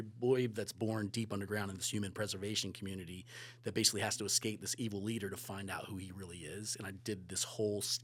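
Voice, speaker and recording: A man telling a story as a podcast guest, lively, swearing, moving from loud bursts to hushed asides. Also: fairly low pitch. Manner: animated, swearing, swings between loud and hushed. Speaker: guest photographer and director. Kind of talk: casual storytelling.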